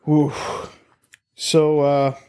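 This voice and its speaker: A man's voice: on the high side, monotone, extremely slow, warm tone, smooth. A man co-hosting a casual podcast over a remote call, laughing often and joking at his own expense. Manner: laughs a lot, self-deprecating. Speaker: podcast co-host.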